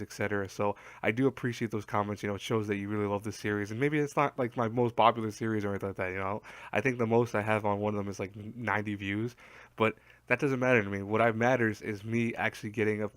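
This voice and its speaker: A man's voice: fairly low pitch, no echo. A tired young man with a voice worn from talking all day, rambling casually with lots of fillers as he gives advice in his vlog. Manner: rambling, self-deprecating, chatty with fillers. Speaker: YouTuber giving advice.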